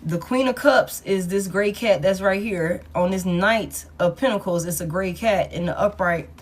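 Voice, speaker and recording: A woman gives a casual collective tarot reading to her viewers. She talks bluntly, swears freely and keeps hammering her points home by repeating them. Her voice sits at an ordinary middle pitch for a woman. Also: normal speed. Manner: blunt, profane, repetitive emphasis. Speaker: tarot reader.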